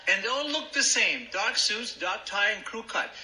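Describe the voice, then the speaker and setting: Older Argentine man, sharp bright voice. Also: high voice, animated, moderate pace, roomy sound, a little hiss or hum, poor audio. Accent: Argentine Spanish. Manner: humorous, self-mocking storyteller. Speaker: speaker at a recovery meeting. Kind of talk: personal story told to a meeting.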